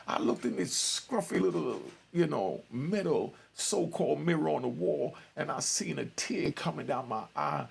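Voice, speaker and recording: A man's voice: fairly high pitch, gravelly, breathy edge. A middle-aged man, telling a personal story in a streetwise, conversational way with frequent asides to his listeners. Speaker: podcast host. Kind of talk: storytelling monologue.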